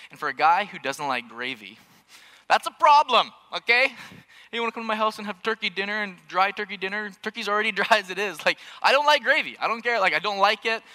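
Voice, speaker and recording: A man in his thirties preaches to his congregation on a stage mic in a church auditorium. He tells jokey stories and throws questions to the crowd. His voice is very bright and a little high. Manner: jokey storytelling, addresses the congregation. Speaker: pastor. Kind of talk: sermon.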